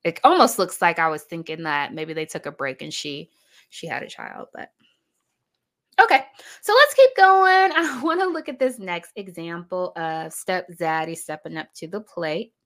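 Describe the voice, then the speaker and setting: Chatty woman with a low voice. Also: big pitch swings, moderate pace, a bit bright. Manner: chatty, emphatic, laughs often. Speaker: commentator reacting to videos. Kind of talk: casual reaction commentary.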